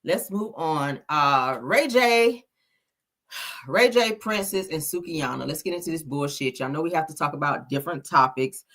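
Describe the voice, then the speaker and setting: A woman's voice: low-pitched, expressive, normal speed, fairly bright tone. A woman giving casual, blunt celebrity gossip commentary, sassy and profane, laughing often.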